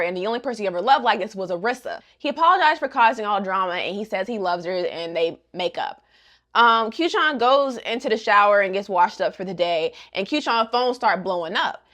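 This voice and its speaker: A woman's voice: mid-range voice, expressive, a little fast, fairly bright tone. A young woman recapping a manga in casual, sassy commentary with joking asides.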